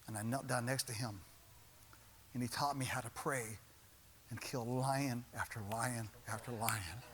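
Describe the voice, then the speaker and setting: A man's voice: mid-range voice, fairly even intonation, a little slow, a bit bright, slight background noise. A man preaching a sermon as pastor in a church, building his points with repeated refrains and rising intensity.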